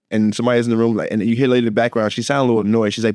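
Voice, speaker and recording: A man co-hosting a podcast, telling a story in a lively, laughing way and acting out the voices in it. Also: mid-range voice, very fast, few pauses, no room sound, clean studio sound. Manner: animated, laughing, acts out voices in his story. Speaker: podcast co-host. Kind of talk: casual storytelling chat.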